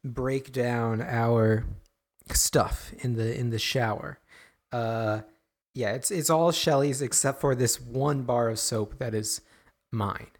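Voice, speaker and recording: A man's voice: mid-range voice, steady tone, slow pace. A man co-hosting a podcast in casual chat, hesitant and amused, with many fillers.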